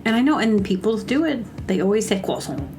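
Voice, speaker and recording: A woman's voice: mid-range voice, animated, a little fast, darkish tone, a little hiss or hum. A woman hosting a comedy show, ranting in a rambling, exasperated casual monologue that stops and corrects itself.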